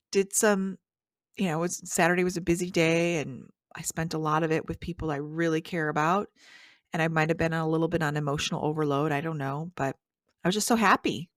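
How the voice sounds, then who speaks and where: A woman hosts a faith-based podcast, sharing a personal story with earnest emotion. Her voice sits on the lower side for a woman. The recording is dry and close-miked, with no room sound. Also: a little fast, dry recording. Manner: earnest, emotional, animated retelling with quoted voices. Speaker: podcast host.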